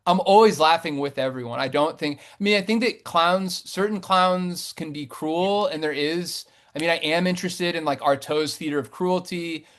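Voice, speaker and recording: Thirties man, poet guest, slightly high voice, rambling and chatty with lots of ums. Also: normal speed, hardly any pauses. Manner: rambling, many fillers and restarts, animated swings in pitch and loudness. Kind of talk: casual conversational interview.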